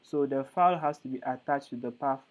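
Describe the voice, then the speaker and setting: A man's voice: medium pitch, brisk, soft background music. A male instructor explaining code step by step in a live online lesson, hesitant with frequent fillers. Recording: tinny phone-like call audio.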